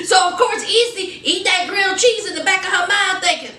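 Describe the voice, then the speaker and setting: A woman's voice: very high-pitched, normal speed, long pauses, sharp tone, echoey room, distant mic, poor audio. A woman recapping a TV episode in a sassy, chatty way, calling her viewers honey and child. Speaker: TV episode reviewer. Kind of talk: casual TV recap.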